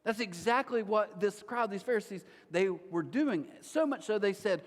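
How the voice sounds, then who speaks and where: Middle-aged guy preaching, high voice that jumps all over, long church echo. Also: moderate pace, hardly any pauses. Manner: animated storytelling with sudden pitch jumps. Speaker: pastor. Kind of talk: sermon. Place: large church hall. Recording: long hall reverb.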